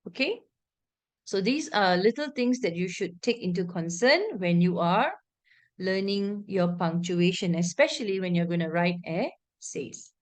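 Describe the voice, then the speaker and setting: A woman's voice: fairly low pitch, a little slow. A woman with a Malaysian English accent teaching an online English lesson, explaining patiently and often checking in with her students. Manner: reads example passages aloud with expressive intonation.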